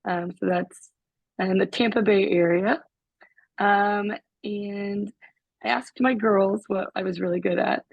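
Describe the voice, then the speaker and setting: Brief: soft-spoken woman with a gravelly, husky voice on a dull call line. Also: mid-range voice, steady tone, slow pace, dry recording. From Florida. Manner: hesitant, many ums, gentle. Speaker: new team member introducing herself. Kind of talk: self-introduction on a video call. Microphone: video call. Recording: dull, dry video call audio.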